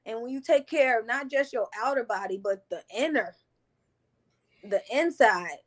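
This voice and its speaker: A woman's voice: a little high, moderate pace. A woman who is a guest on a podcast, speaking in an earnest, reflective way in a casual conversation.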